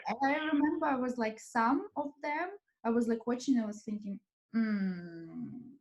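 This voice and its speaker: A woman's voice: on the high side, expressive, brisk. A woman with a light Russian accent, a native Russian speaker, hosting a casual chat full of fillers and laughter. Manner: chatty, lots of fillers and laughs. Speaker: host. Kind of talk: casual conversation.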